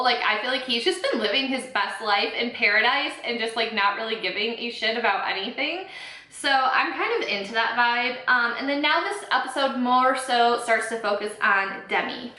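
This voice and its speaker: A woman's voice: on the high side, sharp tone. A woman in her twenties chatting casually to camera, opinionated and full of fillers. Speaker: beauty vlogger recapping a reality show. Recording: echoey room.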